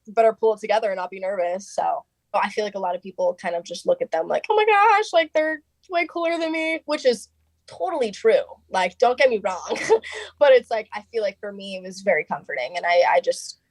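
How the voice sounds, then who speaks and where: A young woman talking as a guest on an interview show, chatty and animated, scattering "like" through every sentence and jumping into quoted lines. Her voice sits at an ordinary middle pitch. The sound is close and dry, with no room around it. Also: no room sound. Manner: chatty, fillers of "like" throughout, quoting others in lively bursts. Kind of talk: casual interview storytelling.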